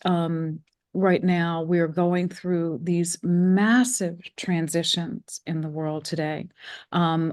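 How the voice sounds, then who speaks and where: A middle-aged woman from the United States hosting a spiritual interview, speaking gently with fillers and restarts. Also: fairly low pitch. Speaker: interview host.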